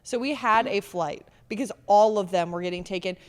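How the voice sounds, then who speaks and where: A woman's voice: medium pitch, brisk, long reverb tail. A young woman, a pro beach volleyball player, telling a story in casual chat and acting out the quotes. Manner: animated, acts out quotes, laughs often.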